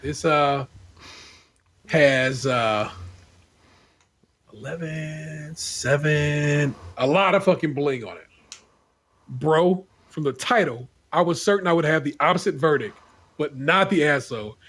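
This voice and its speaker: Husky, wisecracking male podcast host. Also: fairly high pitch, lively intonation, unhurried, fairly bright tone. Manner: laid-back, wisecracking, profane. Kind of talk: casual reading of forum posts aloud.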